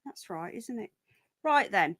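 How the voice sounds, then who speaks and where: A woman's voice: medium pitch, lively intonation, a little slow, a bit bright, no room sound. A woman hosting a casual livestream, chatting and greeting viewers by name with a runny nose, a bit unwell. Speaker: livestream host. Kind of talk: casual live chat.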